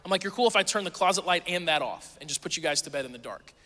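A pastor in his thirties gives a sermon in a high, bright voice at a quick pace, moving from casual family stories into earnest teaching. He tells stories conversationally and quotes people animatedly, and the church auditorium lends his words a long reverb.

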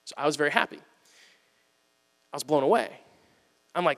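Pastor guy preaching, high bright voice, gets loud then real quiet, big echoey hall. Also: a little fast. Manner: animated storytelling, swings from loud and excited to hushed. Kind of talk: sermon. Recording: long hall reverb.

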